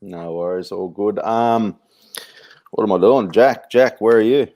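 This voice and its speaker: A man's voice: fairly low pitch, measured pace, warm tone, dull audio. A man hosting a casual fan podcast, laughing often and swearing freely. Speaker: podcast host. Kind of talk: casual chat.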